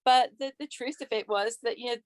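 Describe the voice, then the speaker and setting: A woman's voice: a little high, fairly even intonation, brisk, no echo. A woman author with an English accent, chatting casually on a podcast and laughing often. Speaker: author guest.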